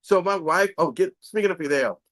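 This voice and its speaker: A man hosting a casual live chat in a restaurant, telling animated stories and acting out the voices of the people in them. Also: high-pitched, brisk, dry recording. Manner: animated storyteller, acts out voices in anecdotes. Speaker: show host.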